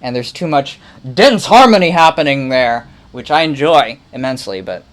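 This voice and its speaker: A man's voice: medium pitch, lively intonation, moderate pace, few pauses. Man, producer on a livestream, mutters to himself, playful, rambling. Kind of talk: casual thinking aloud while remixing.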